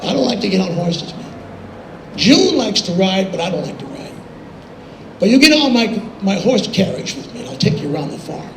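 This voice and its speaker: Man impersonating a mischievous country star, drawling, high voice, roomy sound. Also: very animated, moderate pace, distant mic. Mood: teasing. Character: folksy older country star, teasing prankster. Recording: roomy with background noise.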